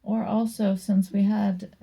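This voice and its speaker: A woman giving a casual tarot card reading, musing aloud slowly with many pauses and reading card meanings from a book. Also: mid-range voice, little pitch movement, gravelly, mellow, slightly rough, low-quality recording. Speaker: tarot reader.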